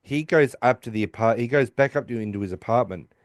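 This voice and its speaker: Talking fast, this man co-hosts a podcast and gives a casual episode recap, performing quoted character lines in higher, raised voices. The sound is dry, studio-quality.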